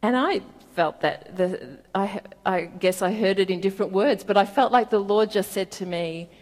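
A woman giving a gentle, reflective sermon, reading scripture and laughing softly now and then. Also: medium pitch, normal speed, hardly any pauses. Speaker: preacher. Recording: long reverb in a hall.

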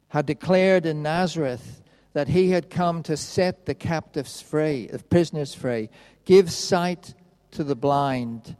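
A male preacher delivers a sermon at an unhurried pace, his tone mellow and warm. A long hall reverb trails each phrase as he reads scripture and explains it. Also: on the high side. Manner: slow, measured delivery. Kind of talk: sermon with Bible reading.

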